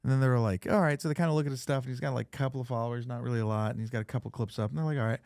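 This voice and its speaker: A podcast host tells stories in casual chat, acting out the quotes and swearing freely as an animated storyteller. His medium-pitched voice is rapid-fire and creaky, recorded dry.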